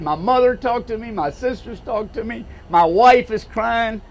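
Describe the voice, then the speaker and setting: A man's voice: high-pitched, animated, moderate pace, few pauses, slight background noise. An older man from Louisiana with a Southern American accent, giving a folksy, rousing campaign speech full of stories. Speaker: political speaker.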